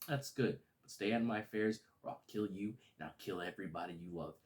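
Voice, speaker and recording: A man voicing a middle-aged father who makes quiet, low threats. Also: quick pace, natural voice. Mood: menacing.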